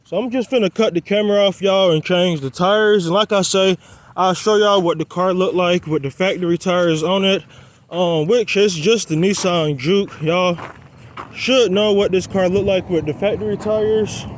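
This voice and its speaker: High-voiced and speaking at a normal pace, the young man rambles casually to his viewers as y'all while fixing his car on a quiet roadside. He's a bit out of breath, and a faint hiss or hum sits under his voice.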